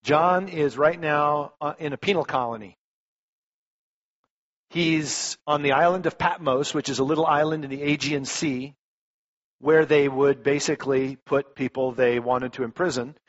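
A man's voice: on the high side, unhurried. A male pastor preaching a sermon in a conversational way, telling stories with lots of restarts. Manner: conversational, animated storytelling, frequent restarts. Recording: dull lo-fi recording.

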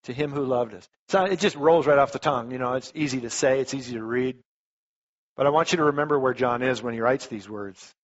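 On a dull, lo-fi recording, a man with a medium pitch and a quick pace delivers a sermon as a pastor. His manner is conversational and animated as he tells stories, frequently starting his sentences over.

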